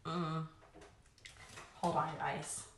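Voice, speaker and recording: Young mom vlogger, chatty and rambling, a little low-voiced, filmed on a phone in an echoey room. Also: female voice, flat delivery, very slow, fairly bright tone, slight background noise. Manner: chatty, rambling, laughs often. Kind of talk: casual chat while doing makeup.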